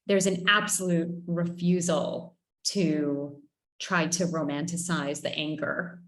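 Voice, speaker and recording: Interviewer, woman, lowish voice, playful, roomy call sound. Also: fairly even intonation, slow, a bit bright, a little hiss or hum. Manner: playful, reads audience questions. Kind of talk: conversational literary interview. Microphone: video call. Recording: roomy video call audio.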